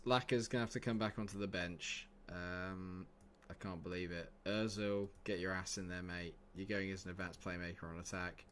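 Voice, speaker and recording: A man's voice: low voice, fairly bright tone. A man commenting casually on his live game stream, chatty and swearing freely as he talks to his chat.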